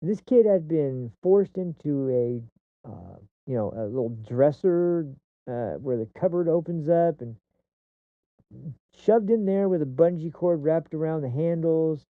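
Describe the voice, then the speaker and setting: Lively intonation and a measured pace mark this man's slightly high voice. Hosting a podcast, he delivers rambling, off-the-cuff commentary with restarts, fillers, and swearing when he gets worked up, all in a dry, tinny, phone-like recording.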